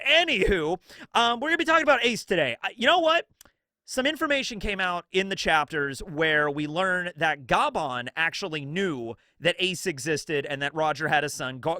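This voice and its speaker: Man, casual commentary host, rambling and chatty, high bright voice, dry close sound. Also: no echo. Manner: rambling, chatty, heavy fillers. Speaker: YouTube host.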